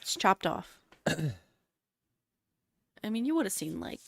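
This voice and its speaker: A woman co-hosting a casual podcast, talking loosely with lots of filler words. Her voice sits in a middle pitch. The sound is dry and close, with no room echo. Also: big pitch swings, takes it slowly, gravelly, fairly bright tone. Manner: chatty, reads beer details aloud with filler words. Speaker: podcast co-host. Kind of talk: casual chat.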